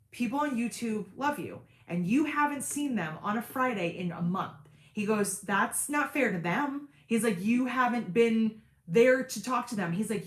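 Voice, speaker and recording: A woman's voice: medium pitch, reverberant. A woman hosting a craft channel, chatting casually with viewers and retelling conversations in a talkative storytelling way. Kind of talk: casual livestream chat.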